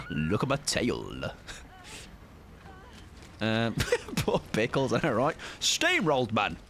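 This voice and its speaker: A man streaming a game, chatting playfully and excitably with teammates. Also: medium pitch, a little hiss or hum. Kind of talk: casual gaming chat.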